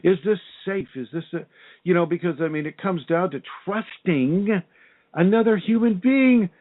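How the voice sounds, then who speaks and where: A man with a high voice speaks at normal speed, hosting a call-in radio show over a tinny phone line. He's a radio show host and spiritual teacher, asking probing interview questions.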